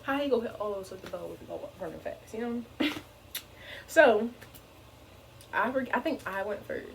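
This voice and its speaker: Lively young woman telling a storytime. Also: medium pitch, normal speed, vocal fry, slight background noise, rough recording. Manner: animated, fills speech with "like". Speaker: vlogger. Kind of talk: casual storytime.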